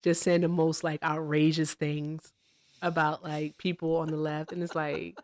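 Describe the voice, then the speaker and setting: A woman co-hosting a political livestream in casual chat. She laughs often, talks to her chat directly and mimics people in a much higher voice. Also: little pitch movement, measured pace, darkish tone, dry recording, studio quality. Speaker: livestream co-host.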